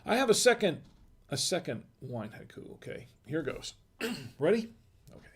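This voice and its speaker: A man's voice: a little high, very animated, normal speed, gravelly, slightly rough. Chatty man hosting a livestream. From United States. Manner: chatty, reads chat messages aloud, asks viewers questions. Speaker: wine review livestream host. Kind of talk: casual livestream chat.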